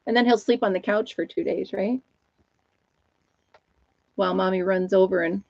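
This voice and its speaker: A woman's voice: medium pitch, fairly even intonation, brisk, creaky, long pauses, a little mellow, no echo, lo-fi sound. A middle-aged woman with an Upstate New York accent, hosting a casual live chat, laughing often and talking to her dog and viewers. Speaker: livestream host.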